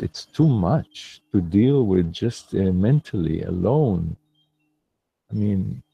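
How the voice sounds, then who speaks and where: A man talking as a meditation teacher in a slow, reflective livestream talk, pausing and restarting often. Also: low-pitched, creaky, mellow, slightly rough, dry recording. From lives in New York City.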